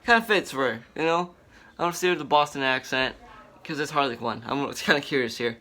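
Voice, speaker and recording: A man hosting a casual commentary vlog, talking in an excited, rambling way with many fillers and restarts. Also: mid-range voice, a little fast. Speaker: vlogger.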